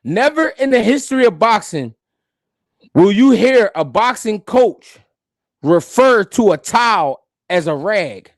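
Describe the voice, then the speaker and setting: Lively, high-voiced man ribbing boxers. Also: a little slow, no echo, clean studio sound. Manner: animated, laughing, profane banter. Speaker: boxing stream host. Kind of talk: live-stream boxing commentary.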